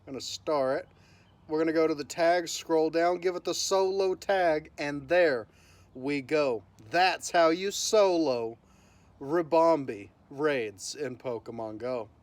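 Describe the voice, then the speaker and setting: A man's voice: on the high side, slow, dry recording. A man hosting his gaming channel, giving upbeat live commentary and narrating each move as it happens. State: voice cracking from early morning.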